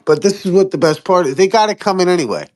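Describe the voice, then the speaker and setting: A man chatting casually on a podcast, swearing often and jumping into high-pitched impressions of other people. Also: fast. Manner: profane, animated, mimics people in high voices. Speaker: podcast host. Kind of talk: casual chat.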